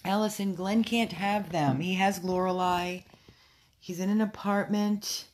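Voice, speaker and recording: A woman's voice: mid-range voice, steady tone, a little slow, a little mellow, slight background noise. A woman running a dog rescue, giving an earnest, upset live update indoors at home, answering viewers as she pleads for help. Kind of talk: live video update, reading viewer comments.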